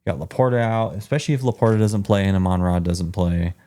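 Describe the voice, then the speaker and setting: Mellow low-voiced laid-back co-host. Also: male voice, fast talker. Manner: laid-back, frequent agreeing interjections. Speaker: podcast co-host. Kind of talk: casual sports chat.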